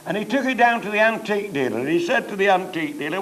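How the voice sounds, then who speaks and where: An older man with a high, bright voice and a Cheshire accent works as an after-dinner comedian, telling bawdy stand-up anecdotes on stage at a slightly quick, animated clip. He chuckles through his stories. The live recording is noisy, with the audience laughing.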